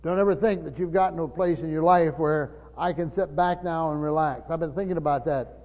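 A slightly high voice at a fairly quick pace belongs to an older pastor giving a sermon. He teaches earnestly, restarting often and repeating words. Expect dull, lo-fi audio and long church reverb.

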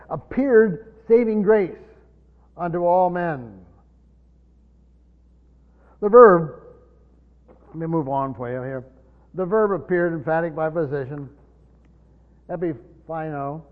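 A man gives a Bible-teaching sermon in a teacherly manner, often repeating words as he explains and dropping his voice low when reading scripture. The recording sounds dull and carries the long reverb of a hall.

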